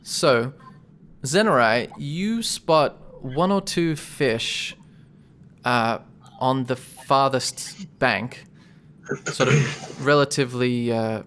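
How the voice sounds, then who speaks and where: A man narrating as game master, chatty and relaxed, correcting himself as he describes the scene. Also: medium pitch, drawn-out words.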